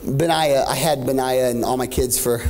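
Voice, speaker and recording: A man's voice: mid-range voice, fairly even intonation, moderate pace, gravelly, a little mellow. A man in his thirties preaching a sermon as pastor, swinging from joking asides to rising, half-sung climaxes. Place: church stage.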